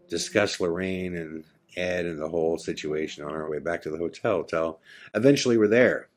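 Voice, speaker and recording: A man's voice: deep voice, moderate pace. A middle-aged man hosting a podcast, telling a personal story in a loose, conversational way full of fillers. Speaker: podcast host. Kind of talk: casual storytelling of a personal ghost experience.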